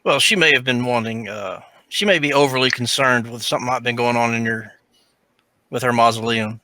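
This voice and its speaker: A man's voice: medium pitch, a little fast, sharp tone, no echo. A man playing a tabletop game, speaking in a laid-back, plain-spoken way. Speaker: player. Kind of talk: casual tabletop play.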